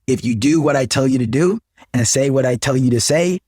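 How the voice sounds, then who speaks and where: A man's voice: mid-range voice, fairly quick, a little mellow, husky, dry recording, studio quality. A man guest on a podcast, preaching sales process with emphatic motivational sayings. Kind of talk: podcast conversation.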